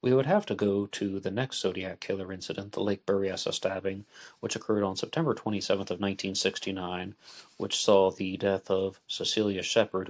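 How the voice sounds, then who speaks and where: Casting note: man, very low voice, solo podcast host, measured and deliberate delivery. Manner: measured, deliberate, spells out letters. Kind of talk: solo podcast book discussion.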